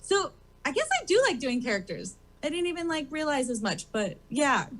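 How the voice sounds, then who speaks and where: On a comedy theater stage, a drag performer appearing as a talk show guest chats casually in a high, very animated, fairly bright voice at normal speed. She rambles, filling her speech with lots of "like" and "um".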